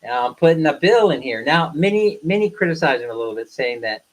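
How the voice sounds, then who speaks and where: A man with a slightly high voice hosts a casual live stream. He talks straight at his viewers in a blunt, ranting way, then turns playful and teasing. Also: lively intonation, brisk, low-quality recording. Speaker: live streamer, co-host of a couple's channel.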